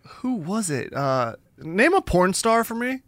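A man's voice: sits high, big pitch swings, a little slow, a bit bright, no room sound, clean studio sound. A man co-hosting a podcast, talking in a casual, joking way and laughing often. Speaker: podcast co-host. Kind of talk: casual comedic chat.

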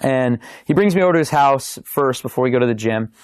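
A young man, a podcast guest, telling his faith testimony in a casual, animated way, acting out the lines of the people in his story. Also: mid-range voice, fast talker, dry recording, studio quality. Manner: animated, acts out quoted dialogue.

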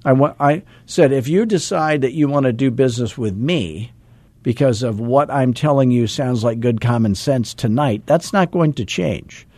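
Warm-voiced man in his sixties telling stories. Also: mid-range voice, normal speed, dry recording. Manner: animated, acts out quoted dialogue; self-deprecating, chuckles often. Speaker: real estate coach. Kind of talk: casual storytelling on a coaching call.

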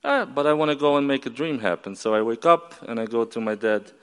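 A man's voice: medium pitch, animated, a little fast, clear, resonant tone, long reverb tail. A man from West Ukraine with a Ukrainian accent, telling a personal story on stage to an audience and acting out the dialogue.

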